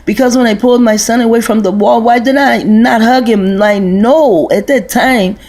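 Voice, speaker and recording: Gravelly-voiced woman rambling in a vlog. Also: a little high, fairly even intonation, normal speed, darkish tone. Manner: rambling and profane, with many restarts and fillers. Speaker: vlogger. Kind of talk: casual rambling monologue.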